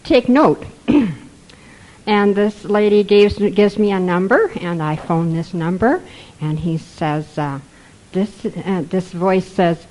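A woman's voice: mid-range voice, slow pace, darkish tone, rough recording. An older woman from Canada telling humorous recovery stories to a group, chuckling through her anecdotes. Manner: chuckling, anecdotal, with quoted voices. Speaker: speaker sharing recovery stories. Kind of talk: storytelling to a group.

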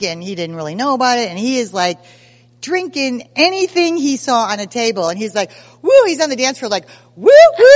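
A woman in her sixties telling stories at a recovery meeting, lively and self-mocking, acting out scenes as she goes. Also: high-pitched, in a large hall. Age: 60s. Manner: animated, self-mocking storyteller who acts out scenes. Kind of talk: personal testimony at a recovery meeting.

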